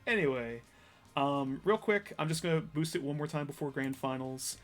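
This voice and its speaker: Chatty, laughing esports host. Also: male voice, a little high, normal speed, faint music behind. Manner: chatty, rambling, laughs often. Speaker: tournament commentator and host. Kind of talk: live esports commentary.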